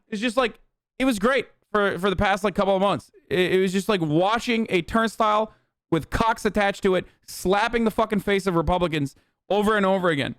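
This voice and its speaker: A man's voice: high voice, quick pace, a bit bright, smooth, no echo, studio quality. A young man streaming, riffing sarcastically and swearing a lot while reacting to videos. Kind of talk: casual stream commentary.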